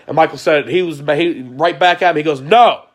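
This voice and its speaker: A man speaking in an emotional confessional monologue, retelling events in an agitated way with sharp swings from loud to quiet, frequent restarts and blunt swearing. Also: a little high, fairly quick. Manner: agitated storytelling, voice rising and falling sharply. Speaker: vlogger.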